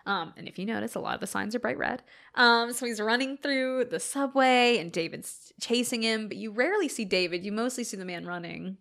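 A young woman in casual chat about a movie, animated and quick to laugh, acting out quotes. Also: a little high, vocal fry.

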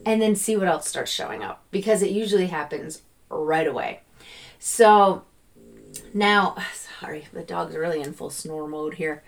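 A woman hosting a podcast on her own, talking casually and animatedly, often slipping into excited quoted gratitude. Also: deep voice, unhurried, creaky. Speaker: podcast host. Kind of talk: casual solo podcast talk.

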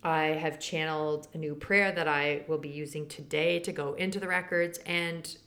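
Her voice is steady and a bit bright, at a normal speed, as this spiritual podcast host talks casually about her week and her courses. The Akashic Records teacher is chatty, often laughs, and raises her pitch when she quotes people.

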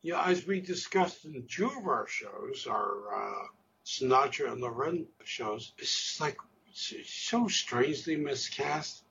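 A man co-hosting a casual film review podcast, halting as he searches for words, with casual swearing. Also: mid-range voice, lively intonation, vocal fry, pushed and bright, muffled recording, slight background noise. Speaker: podcast co-host.

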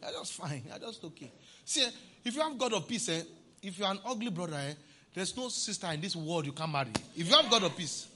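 A male pastor preaching a sermon, playful, often laughing and breaking into shouts. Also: high voice, big pitch swings, quick pace, slight background noise.

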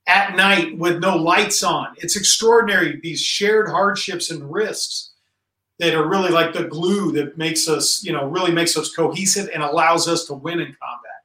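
Earnest, bright-voiced army officer in a roomy space. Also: male voice, distant mic. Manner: emphatic and earnest, rising in pitch as he stresses points. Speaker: Army general, podcast guest. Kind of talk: conversational interview talk.

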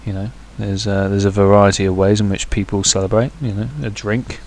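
Casual male podcaster, somewhat low voice, meandering delivery full of ums and crude humour. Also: little pitch movement, brisk, darkish tone, a little hiss or hum. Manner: rambling, hesitant with many fillers, crude jokey asides. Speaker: podcast host. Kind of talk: casual solo podcast chat.

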